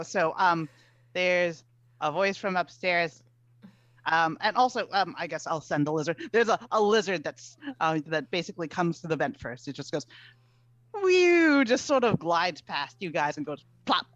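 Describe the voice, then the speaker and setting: A woman's voice: lowish voice, moderate pace, a bit bright, dry recording, lo-fi sound. A woman playing a tabletop role-playing game, chatting casually with many fillers and laughs. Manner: rambling, laughing, lots of fillers. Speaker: player.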